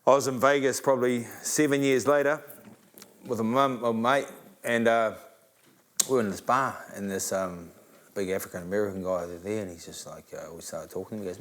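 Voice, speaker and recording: A man's voice: lowish voice, fairly quick. A New man and former boxer telling stories in casual podcast chat, swearing freely and acting out the punches with sound effects. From New Zealand. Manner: animated, profane, full of restarts and sound effects.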